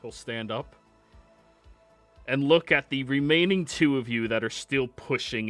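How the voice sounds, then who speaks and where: A man running a tabletop game, narrating scenes in a relaxed, chatty way. His voice sits at an ordinary middle pitch. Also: a little slow, pauses often, faint music behind. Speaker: game master.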